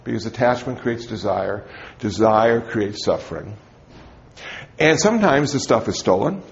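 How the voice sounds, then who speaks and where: A man's voice: fairly low pitch, animated, unhurried, gravelly, dull audio. A man, a Buddhist teacher, giving a dharma talk to a group in a conversational, humorous storytelling manner.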